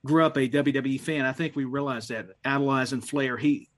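A man with an average-pitched voice speaks in a rambling, agreeable way on a casual panel. He strings thoughts together loosely and restarts often. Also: steady tone, a little fast.

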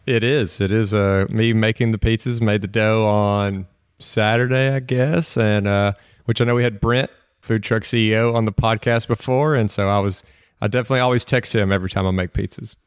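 A man's voice: lowish voice, fairly even intonation, moderate pace, clear, resonant tone, dry recording, studio quality. A man co-hosting a podcast in casual chat, easygoing and a little rambling. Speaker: podcast co-host.

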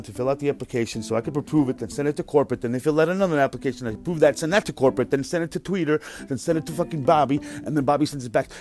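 A man's voice: mid-range voice, a little mellow. A man in his thirties hosting a podcast, telling a profane, exasperated story about his work. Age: 30s. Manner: profane, exasperated, mimics other people's voices. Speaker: podcast host. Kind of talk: casual storytelling rant.

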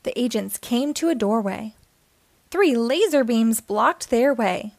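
A woman reads a children's picture book aloud with expressive storytelling. Her voice sits slightly high and moves with lively intonation, recorded close and dry. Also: takes it slowly, no room sound. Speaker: storytime reader. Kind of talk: children's read-aloud narration.

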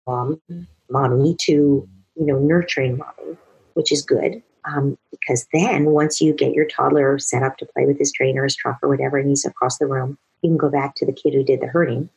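A woman's voice: extremely low pitch, fairly even intonation, moderate pace, darkish tone, slightly rough, poor audio. A woman giving a long earnest explanation of child discipline as a parenting expert, now and then acting out parents and children. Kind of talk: explanatory talk answering a question.

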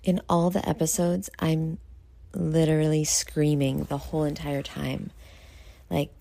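A young woman, talking late at night about herself in a candid vlog, loud and excitable, with many fillers, sounding tired. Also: low voice, a little slow, vocal fry, no echo. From New York. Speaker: podcast host. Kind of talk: candid self-talk vlog.

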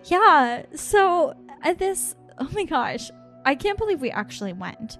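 A woman on a podcast tells personal stories in a casual, animated way, slipping into quoted voices as she goes. Her voice sits a little high. Faint music plays underneath. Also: unhurried. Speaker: podcast co-host and medium. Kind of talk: casual storytelling chat.

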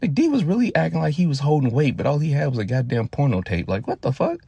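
Podcast host, man, 30s, from Louisiana; gravelly, profane, animated storyteller, dry close recording. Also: fairly high pitch, fast talker, no room sound. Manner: profane, animated, addresses listeners directly. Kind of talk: casual storytelling monologue.

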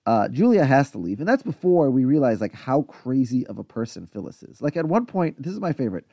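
A man's voice: medium pitch, big pitch swings, brisk, warm tone, no echo, muffled recording. A man co-hosting a podcast, casually recapping a TV episode in chatty detail with lots of asides. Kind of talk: casual chat.

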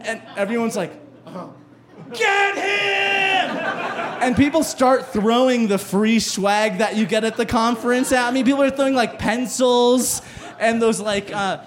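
A man, a stand-up comedian, telling a profane, animated story live on stage and shouting his quoted lines. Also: very high voice, normal speed, crowd noise.

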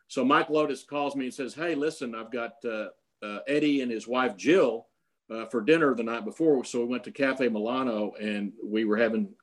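An older man telling long personal stories in a casual, rambling way, full of fillers and restarts. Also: mid-range voice. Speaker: guest storyteller.

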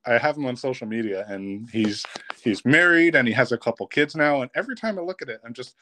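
A man's voice: medium pitch, fast, no echo. Man telling camp stories with a dry, close sound. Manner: lively, laughs while telling stories. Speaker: podcast guest, former camp counselor. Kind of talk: casual storytelling.

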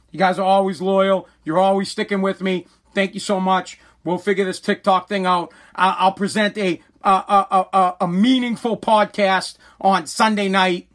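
A man's voice: high voice, fairly bright tone. A man hosting a solo podcast, ranting in a profane, agitated way and stammering often. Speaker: podcast host.

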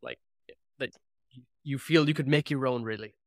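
A man interviewing a guest, supportive and quick to laugh, with short agreeing interjections. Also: medium pitch, dry recording, clean studio sound. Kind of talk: casual interview.

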